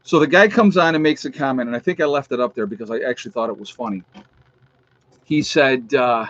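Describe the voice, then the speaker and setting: A man from New York State hosts a livestream on his own YouTube channel, speaking a little fast in a mid-range, fairly bright voice. The audio is lo-fi with no room sound, and he chats casually and with amusement while reading out viewers' locations and teasing trolls.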